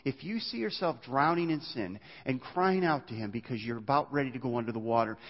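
A man preaching from the pulpit, his voice carried on a long reverb through a large hall and sounding slightly muffled. He moves between loud, raised stretches and quieter ones, tripping over words and restarting as he goes. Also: medium pitch, fairly quick. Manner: animated preaching with frequent stammered restarts. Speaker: pastor. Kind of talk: sermon.

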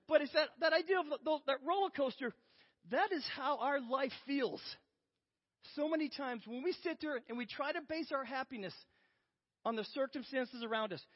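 A man's voice: extremely high pitch, animated, brisk. A man preaching a sermon, telling a story with self-deprecating humor. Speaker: pastor. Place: church sanctuary. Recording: lo-fi with long hall reverb.

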